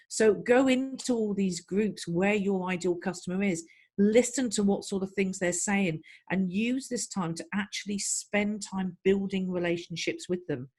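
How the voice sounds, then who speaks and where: Woman calmly giving marketing advice. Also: mid-range voice. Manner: practical, advising, even-paced. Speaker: marketing guest. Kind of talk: interview answers.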